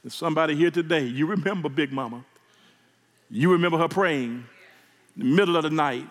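In a church sanctuary, a pastor preaches a sermon at a fairly quick pace, his voice a little high. He grows emotional, repeating words as he builds, and the hall around him is reverberant.

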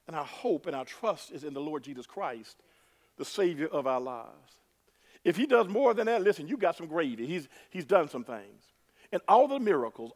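A man preaching a sermon to his congregation, emphatic, repeating words and calling the crowd "y'all". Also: fairly high pitch. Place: church sanctuary. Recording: long reverb of a hall.

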